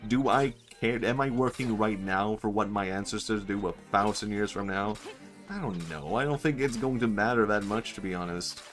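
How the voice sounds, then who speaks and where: A man's voice: on the low side, moderate pace, a bit bright, faint music behind. A man, chatting casually and joking while he streams a game. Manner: rambling, joking, often laughing. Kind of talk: casual gaming stream chat.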